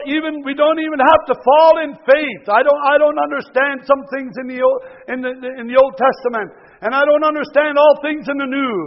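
A man preaching a sermon, swinging from loud exhortation to hushed near-whispers, often repeating words and restarting. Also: extremely high pitch. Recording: dull lo-fi recording with long hall reverb.

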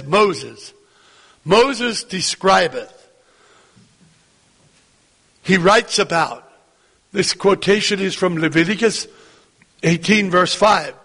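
A man's voice: high voice, creaky, a bit bright, breathy edge, long reverb tail. A man preaching a sermon to his congregation, earnest and repetitive, rising into emphatic lines.

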